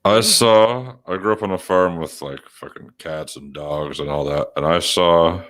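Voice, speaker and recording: A man's voice: sits low, a little slow, a bit bright. A man chatting casually on a radio show, laid-back and swearing often. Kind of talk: casual chat.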